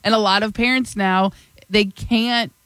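Mid-pitched voice jumping into the chat, rambly run-on sentences, dry close sound. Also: fairly even intonation, unhurried, a bit bright, clear, resonant tone, dry recording, low-quality recording. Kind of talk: casual chat.

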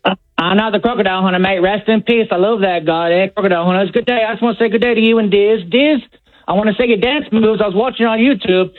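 Male caller doing a chatty fake Aussie over the phone, very high, flat dry line. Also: racing, few pauses, dry recording, narrow, tinny audio. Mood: cheery. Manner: put-on Australian accent that slips. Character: hammy Aussie bloke, cheerful and chatty.

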